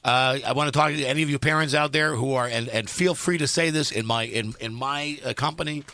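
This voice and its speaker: A man's voice: mid-range voice, a little fast, bright, forceful tone, no room sound. A man hosting a radio talk show, rambling and sardonic as he jumps from topic to topic in a studio. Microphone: studio microphone, dry.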